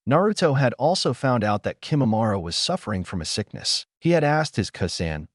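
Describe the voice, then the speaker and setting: A man narrating a fan fiction audiobook in a steady storytelling manner. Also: fairly low pitch, no echo, studio quality.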